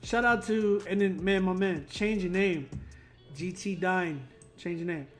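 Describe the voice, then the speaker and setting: A man's voice: sits high, unhurried, a bit bright, faint music behind. Laid-back young man critiquing beats. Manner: laid-back, rambling, many fillers. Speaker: music producer and critique show host. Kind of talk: casual live critique.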